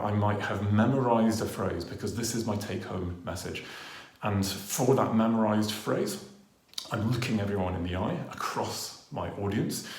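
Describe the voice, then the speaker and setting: A man's voice: on the low side, darkish tone. A man presenting a training talk to camera on a lapel mic, earnest, with frequent ers and ums, varying his pace and volume to demonstrate. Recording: roomy echo.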